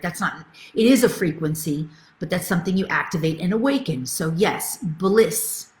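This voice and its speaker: A middle-aged woman coaches a live online group with bright enthusiasm, reading out viewers' comments and answering them. Her voice sits on the low side. The sound carries a noticeable room echo. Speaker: spiritual coach. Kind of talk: live webinar teaching.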